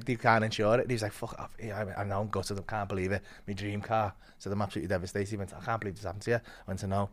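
A man, a stand-up comedian, telling a sweary anecdote in casual chat and acting out other people's lines. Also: fairly low pitch. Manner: sweary, animated storytelling, frequent laughter. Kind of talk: casual anecdote with quoted voices.

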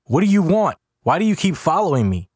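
A man's voice: mid-range voice, dry recording, studio quality, pitched above the performer's own voice, lightly acted. A man voicing a frantic young man insisting he is being chased. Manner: rushed, insistent.

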